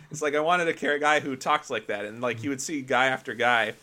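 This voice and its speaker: Speaking fairly quickly in a sharp-toned, mid-range voice, this podcast co-host rambles enthusiastically through a casual conversation about movies. Filler words crop up constantly in his talk.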